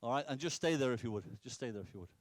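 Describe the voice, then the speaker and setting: A man's voice: medium pitch, animated, very fast, no echo. A middle-aged man from Britain, a soccer coach calling out instructions during a drill demonstration. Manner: directive, instructive, calls out drills.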